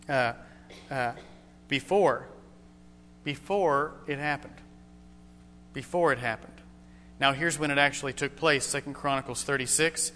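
Emphatic preacher, bright voice, hall echo. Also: male voice, fairly high pitch, slight background noise. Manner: emphatic, slows down for weight. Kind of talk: sermon. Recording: long hall reverb.

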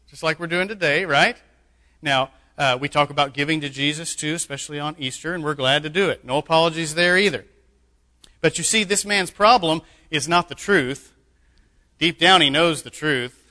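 A man's voice: fairly high pitch, bright, forceful tone. A man preaching a sermon as pastor, emphatic, with joking asides. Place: church sanctuary. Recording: echoey hall.

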